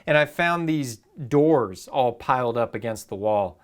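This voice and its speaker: Man, casual vlog chat, rambling, full of ums and uhs, mid-pitched voice. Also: lively intonation, measured pace. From Southern California. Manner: rambling, filler-heavy, easygoing. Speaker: photography YouTuber. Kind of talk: casual vlog talk to camera.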